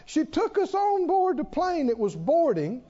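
A man preaching a sermon in an animated, storytelling way, often chuckling. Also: extremely high pitch, a little slow, long reverb tail, highs cut off.

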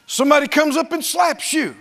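A man preaching a sermon in an animated way, laughing often and acting out the voices of the people he quotes. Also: very high voice, fairly quick, gravelly.

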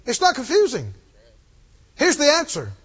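Male preacher with a very high, lively voice, driving call-and-response, echoing hall, muffled recording. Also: measured pace. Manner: emphatic and repetitive, leads call-and-response. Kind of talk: sermon. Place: church. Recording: muffled, with long hall reverb.

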